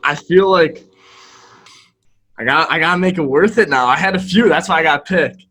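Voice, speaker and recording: A man's voice: fairly high pitch, moderate pace, bright, forceful tone, breathy edge. A man hosting an interview who asks long, hesitant questions full of fillers and restarts. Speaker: interviewer, host.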